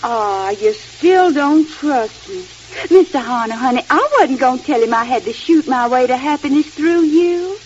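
Cindy Lou, a sweet Southern belle. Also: female voice, high voice, lively intonation, moderate pace, darkish tone. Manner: sugary, wide-eyed drawl. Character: naive young Southern belle, earnest and sweet. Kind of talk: 1940s radio comedy acting. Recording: dull old radio recording with faint hiss.

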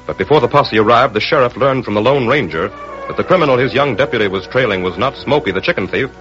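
A man narrating a radio drama in a measured, dramatic scripted style. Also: medium pitch, expressive, a bit bright. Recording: dull old radio broadcast with music.

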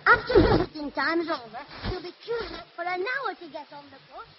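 A cheeky high-voiced schoolboy. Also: animated. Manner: cheeky, quick comebacks. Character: cheeky mischievous schoolboy, small and cocky. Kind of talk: radio sitcom acting. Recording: muffled old radio recording, loud hiss.

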